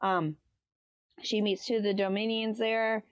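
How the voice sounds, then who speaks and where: A woman's voice: medium pitch, level tone, measured pace, smooth, no echo. A woman hosting a casual book review, retelling the plot in a rambling way with lots of "um" and "like.". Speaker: book review podcast host.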